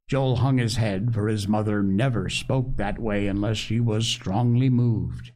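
A man's voice: on the low side, unhurried, few pauses, darkish tone. A man hosting a show, reading a classic children's story aloud expressively. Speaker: podcast host reading a story.

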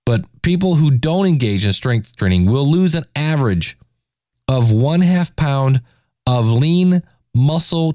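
A man's voice: medium pitch, warm tone, no room sound, studio quality. A man in his forties hosting a casual solo podcast, talking in a self-deprecating, joking way. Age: 40s. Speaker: podcast host.

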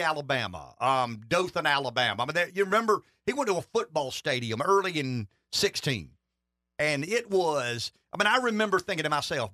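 Guy on a politics talk show, swings his pitch all over, rambles and leans on words. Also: pushed and bright, no echo, studio quality. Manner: folksy, emphatic, rambling asides.

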